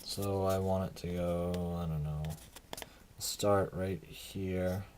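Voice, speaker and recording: A man's voice: deep voice, fairly even intonation, slow pace, a little mellow, a little hiss or hum. A tired man talking casually through his hobby crafting work, rambling and self-deprecating. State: tired, yawning. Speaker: hobby video maker.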